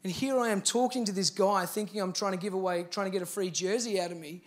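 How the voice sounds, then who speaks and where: A man's voice: sits high, fairly even intonation, fast talker. A man with an Australian accent, a pastor telling a personal story in a sermon and building to earnest, emphatic appeals. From Victoria, Australia.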